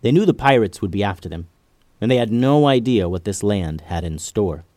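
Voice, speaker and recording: A man hosting a children's podcast, narrating a story in a gentle, expressive way. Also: lowish voice, moderate pace, no room sound, clean studio sound.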